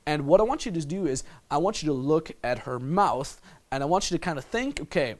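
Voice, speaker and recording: A man's voice: a little high, animated, a little fast. A man coaching the listener on dating in a casual, blunt manner, swearing freely and calling the listener "my friend". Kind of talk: instructional monologue.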